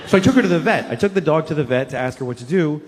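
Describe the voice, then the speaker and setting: A man in his forties performing a stand-up routine, mixing deadpan storytelling with sudden shouted outbursts. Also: on the high side, racing. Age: 40s. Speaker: stand-up comedian. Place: theater stage. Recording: reverberant hall with faint noise. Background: audience laughter.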